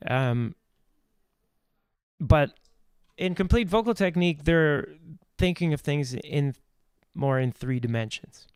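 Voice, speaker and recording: A man explains voice technique in a live online talk, thinking aloud and restarting his sentences. His delivery is unhurried, and his tone is clean and smooth. The sound is close and dry, with no room around it. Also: a little high, animated, dry recording. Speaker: voice teacher.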